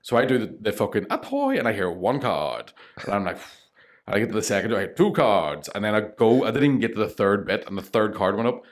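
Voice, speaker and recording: Fast-talking Northern Irish comedian, low voice. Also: male voice. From Northern Ireland. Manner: animated, swears freely, laughs through stories. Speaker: comedian guest. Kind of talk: casual storytelling.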